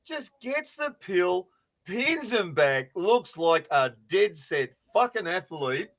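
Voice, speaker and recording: A man co-hosting a fantasy sports podcast, telling stories in a loud, sweary, animated way over a remote call. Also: high-pitched, takes it slowly. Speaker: podcast co-host.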